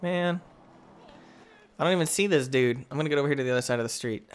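A young man hosting a gaming channel, giving excitable live commentary that swings from muttering to yelling, trash-talking other players. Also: fairly high pitch, fast talker.

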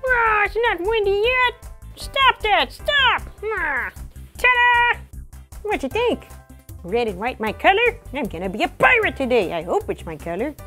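A woman voicing a cheerful young gummy gator pirate in a kids' pretend-play video, full of excited whoas and squeals. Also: very high voice, unhurried, full character voice. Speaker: show's title character. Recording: music playing behind.

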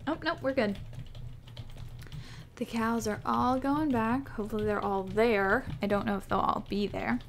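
Une jeune femme qui commente sa partie de jeu vidéo avec enthousiasme et s'extasie devant des animaux mignons. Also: female voice, a little high, fairly even intonation, measured pace, slight background noise. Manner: gushing, squealing over cute animals. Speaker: gaming YouTuber. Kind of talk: excited gameplay commentary.

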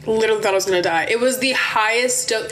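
Chatty young woman from Maryland, animated. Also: fairly high pitch, fast, slight background noise. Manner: animated, chatty, swears, addresses viewers as y'all. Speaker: livestream host. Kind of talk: casual livestream storytelling. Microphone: phone.

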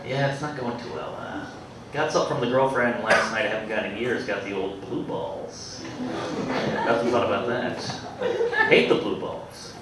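Deadpan stand-up comic in an echoey club. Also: male voice, mid-range voice. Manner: deadpan, self-deprecating, halting delivery. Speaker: stand-up comedian. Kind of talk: stand-up comedy set. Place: comedy club with live audience. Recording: echoey club, distant mic, loud crowd noise.

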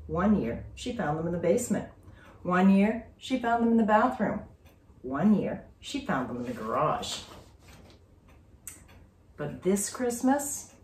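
A woman teacher reading a children's story aloud with expressive, dramatic storytelling. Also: lowish voice. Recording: roomy, distant from mic.

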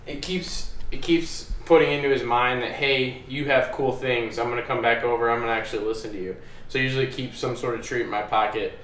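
Relaxed man explaining, roomy off-mic sound. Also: mid-range voice, fairly quick, distant mic, slight background noise. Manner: relaxed, plainspoken, upbeat commands to the dog. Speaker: dog trainer explaining puppy training. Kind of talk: casual explaining while training. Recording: echoey room, voice from off-mic.

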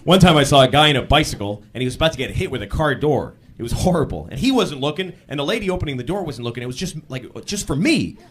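A man doing a stand-up set on a club stage, telling stories and breaking into loud yells for punchlines, with the audience laughing behind him. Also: fairly high pitch, fast talker, few pauses, slightly rough. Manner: animated storytelling, bursts into loud yells for punchlines. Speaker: stand-up comedian.

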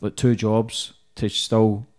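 A man's voice: on the low side, flat delivery, takes it slowly, darkish tone. Host guy, casual questions, swears a bit, laid back chat. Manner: brief nods, casual questions, swears freely. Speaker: podcast host.

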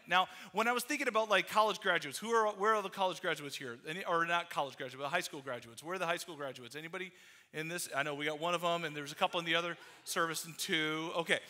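A middle-aged pastor from Iowa preaches to his congregation in a loose, conversational way. He acts out little quoted exchanges and leans on fillers like "uh" and "like". His voice sits high and sounds very bright and forceful. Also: fast. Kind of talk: conversational sermon. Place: church sanctuary.

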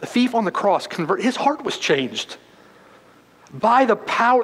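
A male pastor preaching a sermon, moving from loud, forceful emphasis to hushed, quiet passages. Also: very animated, unhurried, pauses often, breathy edge. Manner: dramatic preaching, swinging from loud emphasis to hushed low tones. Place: church sanctuary. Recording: long hall reverb.

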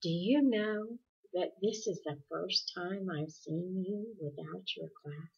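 A woman voicing a kind teenage boy who speaks softly and gently, in a dull lo-fi recording. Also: on the low side, slow, gravelly, breathy edge, full character voice. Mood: gentle. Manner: soft and gentle.

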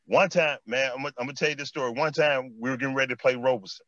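Animated Chicago man telling street stories. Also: mid-range voice, racing, no echo, dull audio. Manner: animated street storytelling, repeats phrases and says "man" often. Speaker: former basketball player, guest. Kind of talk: storytelling interview chat.

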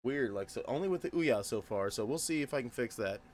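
A man's voice: medium pitch, lively intonation, brisk. A man streaming games live, joking around and greeting his chat by name in a goofy way. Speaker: game streamer chatting with viewers.

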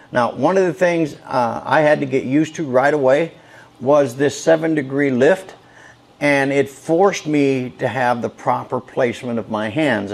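A man's voice: medium pitch, creaky. A man casually reviewing a kayak paddle outdoors, enthusiastic and folksy, repeating points for emphasis. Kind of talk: casual product review vlog. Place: outdoors on a lake, then a patio.

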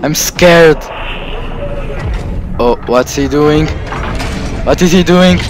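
A man in an in-character vlog over gameplay, playing a house owner and breaking into frightened, excited exclamations with stammered repeats. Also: fairly high pitch, takes it slowly, background noise.

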